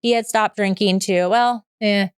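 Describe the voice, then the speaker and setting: A woman's voice: mid-range voice, fairly even intonation, unhurried, smooth, no echo, clean studio sound. A woman in her thirties telling her own story as a podcast guest, open and frank, rambling with restarts. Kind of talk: candid personal story in conversation.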